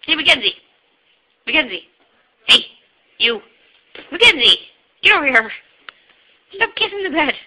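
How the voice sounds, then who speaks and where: Bright, lively sing-song woman. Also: sits high, a little slow, long pauses, slight background noise, poor audio. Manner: sing-song, teasing questions to a toddler. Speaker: aunt filming her niece. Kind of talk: playful home-video chat with a small child.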